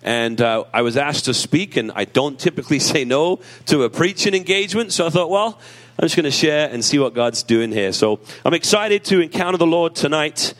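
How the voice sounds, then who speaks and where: A man preaching a sermon in an emotional, conversational way with self-deprecating humor, rising in pitch when he reads scripture aloud. He is close to tears. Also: animated, brisk, fairly bright tone. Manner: rises in pitch and emphasis when reading scripture. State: tearful. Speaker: pastor.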